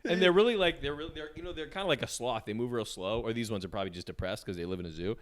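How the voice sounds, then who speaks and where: A man co-hosting a podcast, trading quick joking banter in casual comedic chat. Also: mid-range voice, a crowd in the background. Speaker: podcast co-host.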